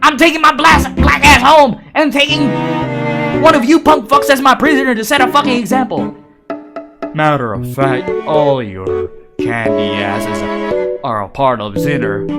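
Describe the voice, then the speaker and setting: A man voicing a brash, boastful foul-mouthed king with loud, swaggering bragging. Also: on the low side, slow pace, over loud music, voice pushed down.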